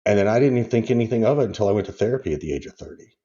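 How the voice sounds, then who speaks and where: A man in his fifties, guesting on a podcast, tells personal stories in a rambling, candid way and laughs through them. His lowish, dark voice is animated and rapid-fire, though the audio has its highs cut off.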